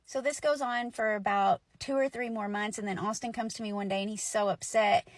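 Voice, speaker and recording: A woman in her forties hosts a storytelling session, sharing a personal tale in a chatty, emotional manner packed with fillers. Her medium-pitched voice is steady in tone and a little fast, with no room sound.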